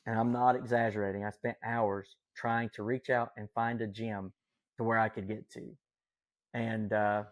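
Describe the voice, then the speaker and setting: A man's voice: on the low side, no echo. Folksy Southern Appalachian man. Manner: enthusiastic, folksy, lots of fillers. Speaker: podcast guest. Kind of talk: casual storytelling chat.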